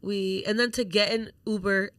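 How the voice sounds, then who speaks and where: Lots of swearing and acted-out quotes fill this animated story from a young woman co-hosting a podcast. She talks casually at a moderate pace in a medium-pitched voice, recorded with no room sound.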